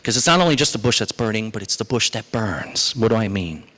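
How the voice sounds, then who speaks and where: A male pastor delivering a sermon, moving between slow, weighty lines and quick, chatty asides. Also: lowish voice. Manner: animated, shifts between slow emphatic phrases and quick asides.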